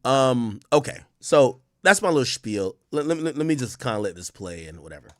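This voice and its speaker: A man's voice: mid-range voice, big pitch swings, a little fast, fairly bright tone, no room sound, studio quality. A man from Jamaica with a Jamaican accent, ranting bluntly in a casual livestream and repeating words as he gets going. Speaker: streamer and media personality.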